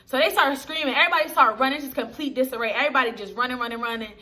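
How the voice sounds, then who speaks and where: A woman's voice: high-pitched, very fast, bright, forceful tone. A young woman reviewing a TV episode in casual chat to camera, talking straight to her viewers in a slangy, chatty way.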